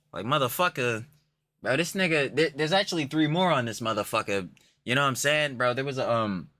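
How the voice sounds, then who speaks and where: A man hosting a casual reaction stream, animated and profane, repeating himself for emphasis. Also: medium pitch, no room sound.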